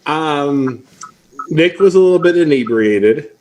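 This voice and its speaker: A middle-aged man hosts a live online show in a loose, chatty way. He tells stories with a playful, teasing edge. His voice sits a little high for a man. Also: animated, slow, darkish tone, a little hiss or hum. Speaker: host. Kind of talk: casual chat on a livestream.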